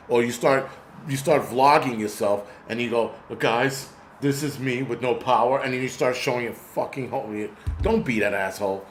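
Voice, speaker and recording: A man's voice: medium pitch, slight background noise. Angry, profane man ranting. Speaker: host. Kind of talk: casual rant vlog.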